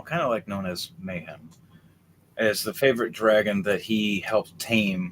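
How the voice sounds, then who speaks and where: A man runs a tabletop game, narrating with lively energy. He swings from loud, excited bursts to low, hurried asides. A faint hiss sits under his voice. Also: rough recording. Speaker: game master.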